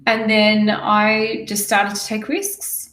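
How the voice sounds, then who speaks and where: A woman podcaster, a guest on an interview show, telling her story candidly and in lively fashion with many restarts. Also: medium pitch, takes it slowly, slight background noise. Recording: roomy and distant from the mic.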